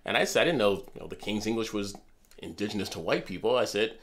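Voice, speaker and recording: A middle-aged man from Los Angeles co-hosts a casual political talk show. His voice sits low, and he tells personal stories with emphatic energy. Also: expressive, quick pace. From Los Angeles, USA. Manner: emphatic, storytelling. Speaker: podcast co-host.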